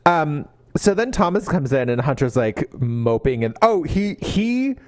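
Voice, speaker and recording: Animated man with a lively pitch. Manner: animated, acts out characters' lines in quick quoted voices. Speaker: podcast co-host. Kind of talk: casual book discussion.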